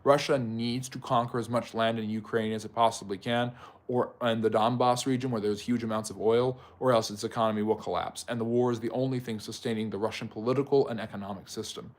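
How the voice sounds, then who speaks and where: A man's voice: medium pitch, steady tone, fast talker. A man hosts a live history stream, speaking in a mid-range voice. He answers chat questions one by one, addressing viewers by name. His long explanations are dotted with ums and mid-sentence restarts. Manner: explains at length, with frequent ums and self-corrections. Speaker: history channel host.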